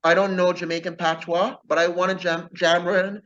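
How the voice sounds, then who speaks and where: Muffled audio captures a man whose voice sits high, with little pitch movement, a moderate pace and a slightly bright tone. He's an author guest in a casual interview, earnest throughout and habitually closing points with "okay?".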